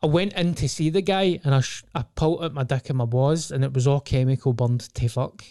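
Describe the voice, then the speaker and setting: A man's voice: mid-range voice, steady tone, fairly quick, mellow, smooth, no echo, studio quality. A young Scottish man telling rambling, sweary stories in a casual podcast chat. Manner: rambling, sweary storytelling with frequent restarts.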